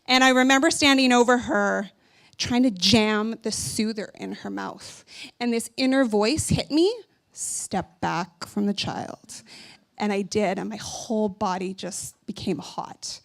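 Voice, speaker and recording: A woman in her thirties from Canada giving a casual, chatty conference talk about her own life, full of "like" and "you know". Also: a little high. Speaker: conference speaker. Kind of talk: personal storytelling talk.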